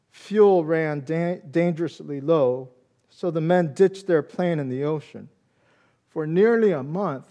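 A man preaching a Palm Sunday sermon, reading scripture and then telling a story in an earnest, measured way. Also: fairly high pitch, a little mellow. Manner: earnest storyteller, slows for emphasis. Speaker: pastor.

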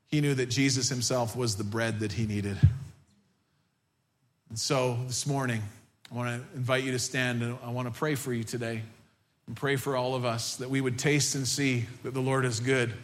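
A male pastor preaching a sermon to his congregation in a church, and at times he builds to a loud, fervent pitch. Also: steady tone, normal speed. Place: church sanctuary.

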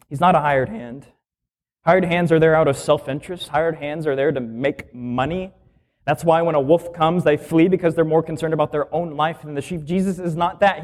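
A male minister delivers a sermon in a fairly high voice. He preaches with energy and emphasis, firing off rhetorical questions and drawing out the phrases he wants to land. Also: a little mellow.

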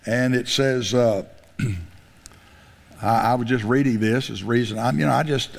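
A male pastor giving a sermon, reading scripture aloud slowly with emphasis and breaking into asides with small stumbles. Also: medium pitch, vocal fry. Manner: reads scripture aloud slowly with emphasis, chuckles, restarts words. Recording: long reverb in a large hall.

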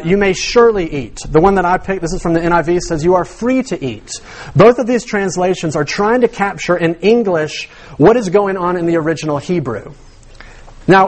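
Animated preacher man, high voice. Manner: animated teaching with rhetorical questions and repeated words. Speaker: pastor. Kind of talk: sermon.

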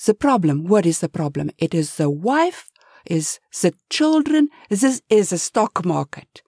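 A woman's voice: fairly low pitch, big pitch swings, unhurried, darkish tone, breathy edge, dry recording, clean studio sound, exaggerated voice. A woman voicing a commanding businessman in his seventies in a bedtime story, with short, clipped orders. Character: rich commanding German man in his seventies.

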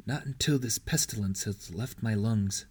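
A frail old lady of rank, over 60 and ill, as a man reads her lines. She speaks in a formal, gentle way in a storybook reading. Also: on the low side, moderate pace, husky. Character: sickly elderly noblewoman, gentle and grave.

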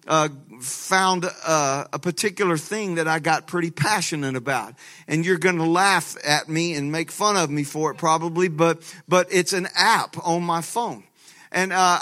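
A man pastor preaching a sermon, telling a lively story with laughter and frequent restarts. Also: a little high.

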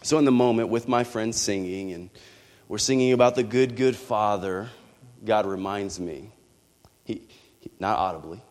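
A man's voice: fairly low pitch, moderate pace, a little mellow, big-room sound. A man preaching a sermon, telling a candid personal story with rising passion.

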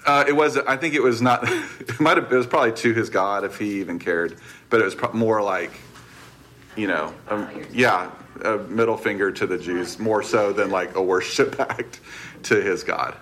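A man's voice: fairly low pitch, moderate pace, a bit bright, a little hiss or hum. A man teaching a casual Bible class, chatty and loose, correcting himself and laughing easily.

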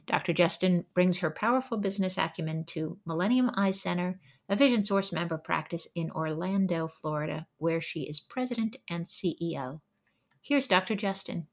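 A woman hosting a special edition, reading a measured, scripted introduction of an award winner. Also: on the low side. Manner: measured, formal read.

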